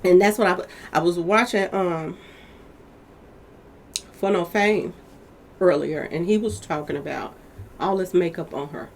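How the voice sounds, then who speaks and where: A woman with a fairly low, gravelly voice hosts a commentary channel on celebrity gossip, speaking unhurriedly and pausing often over a little hiss or hum. She stays chatty and animated, talking straight to viewers and calling them "y'all."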